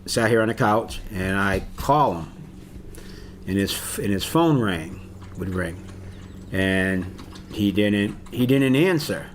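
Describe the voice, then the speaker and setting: A middle-aged man with a somewhat low voice recalls a painful morning in an interview. He talks haltingly, restarting and repeating words in plain, casual phrasing. A faint hiss sits under the recording. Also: lively intonation. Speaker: bereaved father. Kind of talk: interview recollection.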